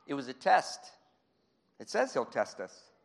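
Animated preacher in an echoing hall. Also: male voice, mid-range voice, a little slow, vocal fry. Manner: animated, acts out Bible scenes, chuckles. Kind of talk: sermon.

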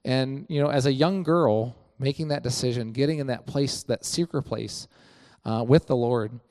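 A man talks through stories he loves in a loose, conversational way, full of "you know" and restarts. He slips into quoted lines with a lifted, excited voice, then drops back down. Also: moderate pace. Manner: animated storytelling, acts out quoted lines with rising pitch; many fillers like "you know". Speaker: church member sharing reflections. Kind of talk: casual faith talk.

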